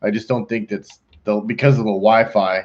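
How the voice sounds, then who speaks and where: A man's voice: on the low side, fairly even intonation, moderate pace. Casting: middle-aged man, playful designer host who mutters while he works, dull lo-fi sound. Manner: joking, talks to himself while working. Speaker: pool designer hosting a live design call. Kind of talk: casual chat while designing on a computer. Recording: dull lo-fi stream audio.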